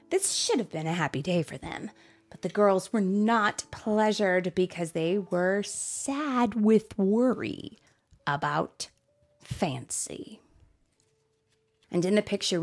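A woman reading a children's storybook aloud, softly and often in a whisper, adding friendly asides to listeners. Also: medium pitch, animated, measured pace. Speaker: storybook reader.

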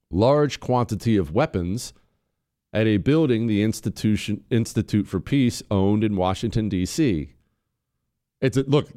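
A male talk radio host speaks emphatically and sarcastically, swinging between loud mockery and low, intense points.

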